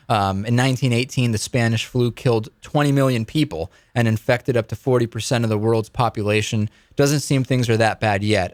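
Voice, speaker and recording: A man's voice: mid-range voice, smooth, no room sound. A man hosting a political talk show, reading news items and chatting with a co-host, often stammering and restarting.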